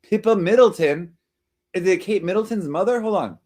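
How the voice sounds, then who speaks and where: This man's voice sits high and is a little mellow, moving at normal speed. Hosting a live stream, he reads comments and chats casually with viewers, rambling and teasing as he bounces between jokes and chat replies.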